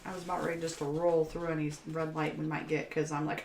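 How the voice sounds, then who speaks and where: A woman's voice: deep voice, level tone, a little fast. A woman co-hosting a casual podcast chat, talkative and blunt, swearing casually and laughing often. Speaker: podcast co-host. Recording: echoey room, faint background hiss.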